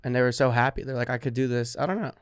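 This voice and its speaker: A man's voice: medium pitch, rapid-fire, clean tone, dry recording, clean studio sound. A young man co-hosting a podcast, talking in an earnest, easygoing way and laughing often. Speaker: podcast co-host. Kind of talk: casual podcast banter.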